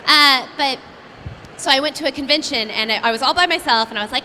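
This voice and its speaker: A woman voice actress telling stories at a convention Q&A, chatty and animated, laughing often. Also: high voice, fast talker, background noise. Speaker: voice actress guest. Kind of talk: convention Q&A storytelling. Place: convention panel room.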